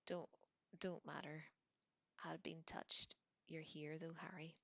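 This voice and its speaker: A woman reading in a whispered role-play, voicing a grieving giant groundskeeper with a halting, choked, way of speaking. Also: sits low, flat delivery, gravelly, sharp tone, no echo, muffled recording, heavily acted. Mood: tearful. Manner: halting, choked, tearful speech.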